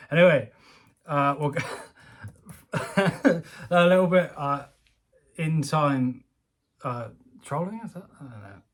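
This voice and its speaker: Fairly high-pitched and slow, with long pauses, this YouTuber offers jokey commentary from his home room. He's chatty and self-deprecating, rambling along and laughing a lot.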